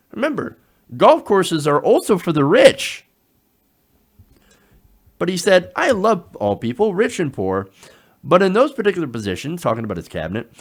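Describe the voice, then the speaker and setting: A man delivering opinionated political commentary in a sarcastic, animated way. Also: on the high side. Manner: sarcastic, animated, drops into mocking quotes.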